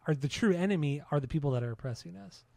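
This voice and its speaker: A man's voice: fairly high pitch, animated, very fast, gravelly, a little mellow, no echo. A man co-hosting a podcast, earnest and opinionated, with the odd curse word. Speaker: podcast co-host. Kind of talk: casual podcast chat.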